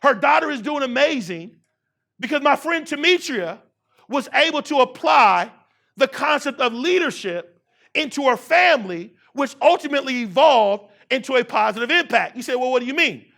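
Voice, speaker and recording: Man, motivational keynote, gravelly edge, crisp bright tone, preaching rhythm. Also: extremely high pitch, animated, moderate pace. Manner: call-and-response with the audience; repetitive preaching cadence. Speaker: keynote speaker. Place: university event hall.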